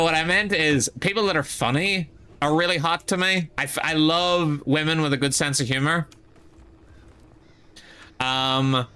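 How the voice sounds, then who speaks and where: A young man streaming live, tipsy and chatting casually in a rambling, excitable way, full of restarts. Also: on the high side, a little hiss or hum.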